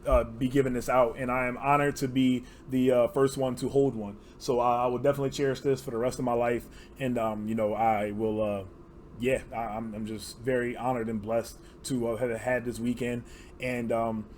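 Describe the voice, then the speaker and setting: A young man talks straight to his camera in a rambling, heartfelt way, leaning on lots of ums and uhs. He sounds teary and moved, his voice sitting at an ordinary middle pitch. A faint hum of room ambience sits behind him. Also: flat delivery, normal speed, a little mellow. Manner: rambling, heartfelt, many fillers. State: teary, emotional. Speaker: card game player and channel host. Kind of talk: casual to-camera vlog.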